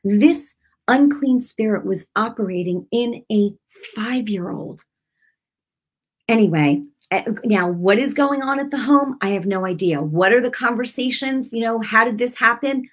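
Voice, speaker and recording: Animated woman minister telling a story. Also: fairly high pitch, measured pace. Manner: animated and emphatic, laughs often while telling. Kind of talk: storytelling sermon for a broadcast.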